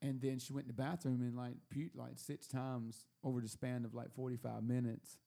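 A man telling a long story at a table in casual chat, animated and laughing often, repeating words as he goes. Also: mid-range voice, normal speed, vocal fry. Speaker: podcast host telling a story. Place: room at a table.

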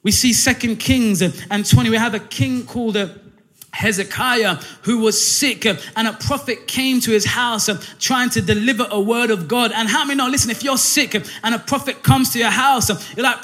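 A man preaching a sermon, animated, often saying "listen" and "um" between phrases. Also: very high voice, a little fast.

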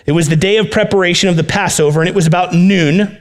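A man's voice: high voice, quick pace, hardly any pauses. A male pastor preaching a sermon in an earnest, conversational way, speaking directly to his listeners.

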